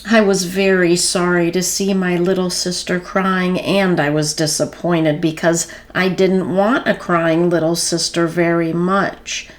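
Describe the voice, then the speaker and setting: A woman reading a children's story aloud in a gentle storytelling manner with expressive pauses. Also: fairly low pitch.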